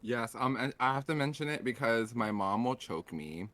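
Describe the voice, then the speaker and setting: A man's voice: mid-range voice, animated, normal speed, pushed and bright. A man on a panel talking casually, rambling with lots of "like" and restarts. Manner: loose and rambling, full of "like" and restarts.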